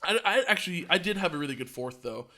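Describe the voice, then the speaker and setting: Young guy on a podcast, bright tense voice, swears a lot telling his story. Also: a little high, fast talker. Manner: profane, animated storyteller. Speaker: podcast host. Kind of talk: casual storytelling.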